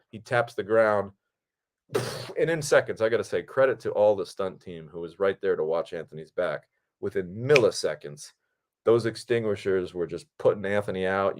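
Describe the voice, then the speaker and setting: A man, a film director hosting his own podcast, telling behind-the-scenes stories in a casual, animated and profane way. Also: lowish voice. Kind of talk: casual storytelling.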